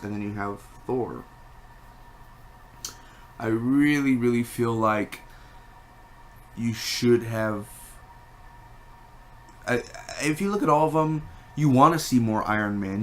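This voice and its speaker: A man giving a casual spoken movie review, rambling and animated, with many fillers and restarts. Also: mid-range voice, slight background noise.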